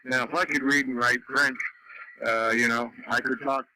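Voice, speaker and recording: A man in a chatty, storytelling mood on a radio net. His voice is bright and sharp, with faint hiss under it on the radio. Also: mid-range voice, little pitch movement, normal speed, low-quality recording. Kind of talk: casual radio chat.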